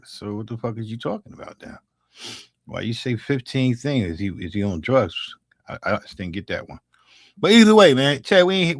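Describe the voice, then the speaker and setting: With a fairly bright, medium-pitched voice, a Philadelphia man in his sixties shoots the breeze with his livestream audience. He hosts beat-making streams, and his North Philly street banter is profane, loose, and packed with jokes and restarts. Studio-quality audio, no echo.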